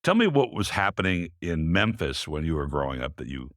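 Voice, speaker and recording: A man's voice: a bass voice, fairly quick, no echo. A man hosting a wine podcast in a studio, chatting casually and joking with his guest. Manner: chatty, jokey, lively intonation. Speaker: podcast host. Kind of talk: casual interview chat.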